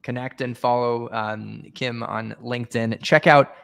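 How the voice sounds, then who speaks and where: A man's voice: medium pitch, fairly even intonation, unhurried, creaky, fairly bright tone, clean tone. A man hosting an interview in casual chat, enthusiastic and effusive with praise. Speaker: podcast host.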